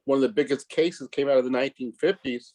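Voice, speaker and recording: A man, a district leader, answering interview questions in a thoughtful, halting way full of fillers, troubled by allergies. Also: medium pitch, fairly even intonation, a little mellow. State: coughing from allergies.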